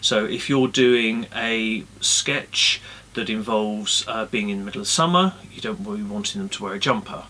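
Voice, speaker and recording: A man giving casual puppetry tips in a relaxed, friendly way with many ums, recorded indoors on a camera-mounted mic. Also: on the low side, normal speed, hardly any pauses. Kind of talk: casual instructional talk.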